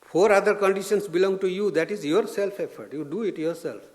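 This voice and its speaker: A man, a swami, giving an informal spiritual talk, gentle and anecdotal with frequent restarts. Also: high-pitched, fairly quick. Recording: long reverb of a lecture hall.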